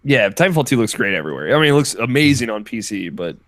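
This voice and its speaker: A man's voice: medium pitch, fast, dry recording. Laid-back rambling podcast guy, dry sound. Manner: relaxed, rambling, many fillers. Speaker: podcast co-host. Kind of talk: casual chat.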